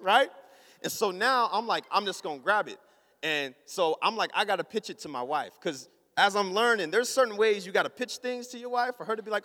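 A man preaching a storytelling sermon, acting out his own thoughts and his wife's replies in a lively, casual way. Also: high voice, a little fast, big-room sound. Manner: animated, acts out his own inner voice and his wife's.

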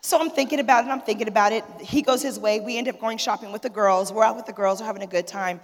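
Woman in her forties, high husky voice, animated and laughing, long hall reverb. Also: quick pace. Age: 40s. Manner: animated, laughing, acts out dialogue. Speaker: pastor's wife speaking to a church audience. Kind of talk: humorous storytelling testimony.

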